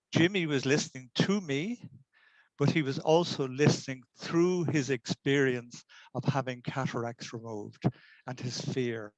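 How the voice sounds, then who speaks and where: An older man speaks in a measured, earnest storytelling way, with his voice sitting in a middling pitch. The sound is dry and close, with no room echo. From Ireland. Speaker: community education lecturer. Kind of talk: reflective talk to camera.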